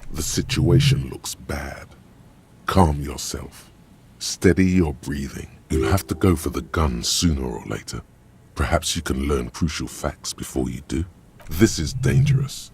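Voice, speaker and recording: A male voice actor narrating a video game as a grave, measured inner voice describing the scene. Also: a bass voice, gravelly, slightly rough, exaggerated voice. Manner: calm, descriptive, commanding.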